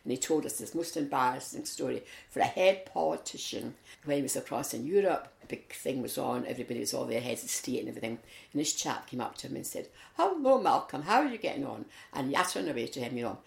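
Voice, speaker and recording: A woman with a Scottish accent, chatting in an interview and telling lively anecdotes, acting out what people said. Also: very deep voice, fast, vocal fry. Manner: lively storyteller, acts out quotes. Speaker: interviewee, community volunteer. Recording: echoey room.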